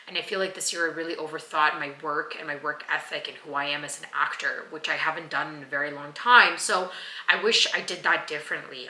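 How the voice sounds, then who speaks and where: Bright, earnest young woman vlogging. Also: sits low. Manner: earnest, reflective, rambling. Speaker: vlogger and actor. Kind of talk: casual year-end vlog. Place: home. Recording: echoey room.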